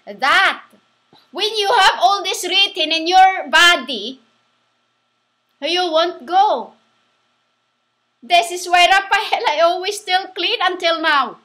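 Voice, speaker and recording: A woman giving a rambling religious monologue, halting and restarting, spelling words out letter by letter. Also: very high voice, bright, forceful tone. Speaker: self-styled preacher.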